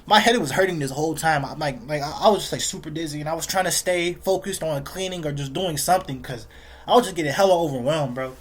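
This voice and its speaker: A man's voice: a little high, fast talker. A young man telling a rambling story for his vlog in casual slang, repeating himself and calling the listener "bro" constantly. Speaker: vlogger.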